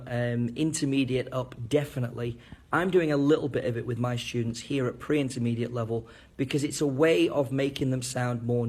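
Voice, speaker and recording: A man teaching fellow teachers at a board, speaking clearly and enunciating each syllable as he demonstrates. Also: medium pitch. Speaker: English teacher. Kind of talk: teacher training lesson at a board.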